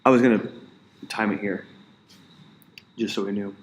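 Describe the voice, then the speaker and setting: A man co-hosting a casual podcast, chiming in with jokes and quick remarks. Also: lowish voice, fairly even intonation. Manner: joking, quick interjections. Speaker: podcast co-host. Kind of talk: casual chat. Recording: echoey room with faint noise.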